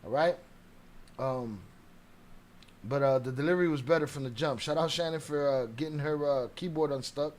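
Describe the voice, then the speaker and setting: A man's voice: fairly high pitch, normal speed, long pauses, darkish tone. A man hosting a casual livestream, talking animatedly and profanely while greeting viewers from the chat. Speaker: livestream host.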